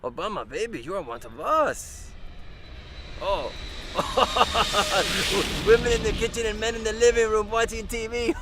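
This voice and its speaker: A man's voice: high-pitched, measured pace, noisy background. A man playing a giggly, fawning grown man who gushes in a sing-song voice and repeats words. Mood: gushing.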